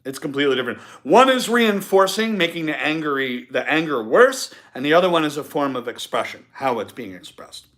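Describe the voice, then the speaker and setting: A man's voice: on the high side, lively intonation, fairly quick, hardly any pauses, fairly bright tone. A man hosting a live-stream podcast, giving an emphatic motivational talk and repeating his key points. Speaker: podcast host.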